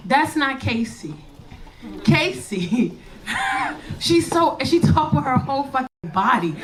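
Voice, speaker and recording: A woman's voice: high-pitched, sing-song, takes it slowly, long pauses, heavy background noise. A woman in her forties doing stand-up, telling brash, profane family stories and acting out the people in them. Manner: brash, profane storytelling with acted-out family voices. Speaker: stand-up comedian. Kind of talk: stand-up comedy. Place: comedy club stage. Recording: live room with laughing audience.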